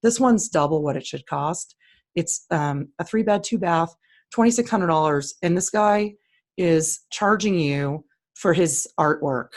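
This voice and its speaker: Unhurried and fairly low-pitched, this woman co-hosts a casual screen-share chat. She goes through the listings on screen with blunt, opinionated, plain-spoken commentary.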